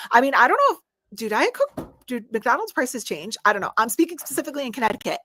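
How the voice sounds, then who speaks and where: A woman in her thirties hosting a casual live stream, chatty and animated with frequent laughs. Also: high voice, fast, no room sound. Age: 30s. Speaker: livestream host.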